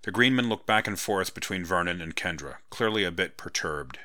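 A man narrating a novel as an audiobook, in a steady, even storytelling manner. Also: sits low, brisk, dry recording, clean studio sound. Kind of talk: scripted narration.

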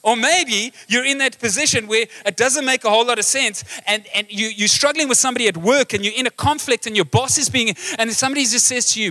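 Bright-voiced man preaching a lively sermon. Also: extremely high pitch, fast, hardly any pauses. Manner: animated, engaging the congregation with questions. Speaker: pastor. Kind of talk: live sermon. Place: church hall.

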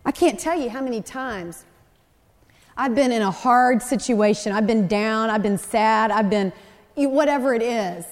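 A woman preaching a sermon, telling a scripture story in an animated, conversational way with lively asides to the listeners. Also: fairly high pitch, moderate pace, in a large hall.

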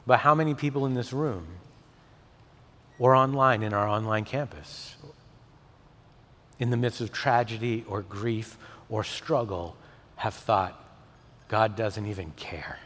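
A male pastor delivering a sermon, swinging from emphatic peaks to soft, intimate tones. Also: mid-range voice, measured pace, pauses often. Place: church sanctuary. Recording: long hall reverb.

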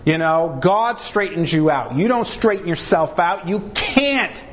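A pastor delivers an animated sermon, swinging his pitch widely and hitting key words hard for emphasis. He acts out brief dialogues between God and a sinner.

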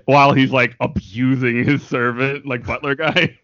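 A laid-back man hosts a podcast, laughing easily and filling his talk with "like." His voice sits at an ordinary pitch. The sound is dry and dull, with a lo-fi edge. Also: little pitch movement, normal speed, a bit bright, dry recording. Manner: laid-back, laughs often, says "like" a lot. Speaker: podcast host. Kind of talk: casual chat.

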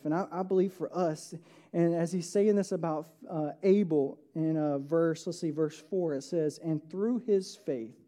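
Preacher, mellow tone, earnest sermon delivery that swings from loud to hushed, frequent "right?" check-ins. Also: medium pitch. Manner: earnest, keeps asking "right?"; swings from loud emphatic bursts to soft, hushed phrases. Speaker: pastor. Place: church.

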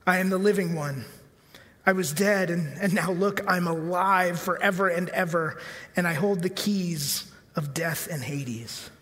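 A man preaches a sermon in a relaxed, conversational manner, dropping fillers and asking the congregation questions. His voice sits high for a man. The sound carries the long reverb of a large church hall. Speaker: pastor.

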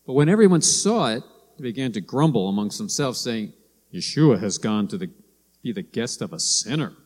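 A man preaching a sermon, telling stories and acting out quoted lines in a lively way. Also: moderate pace. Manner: storytelling, acts out quoted lines with rising pitch. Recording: long hall reverb.

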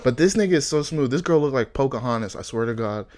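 A young man from Africa telling animated stories in casual chat, laughing often and acting out the quotes. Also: mid-range voice, fast.

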